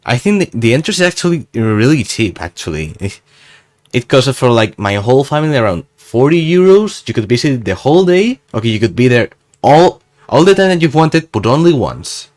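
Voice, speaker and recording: A man's voice: mid-range voice, sing-song, normal speed, a little mellow. A young man from Spain, chatting casually in a travel vlog in a rambling, self-mocking, jokey way. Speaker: gaming YouTuber.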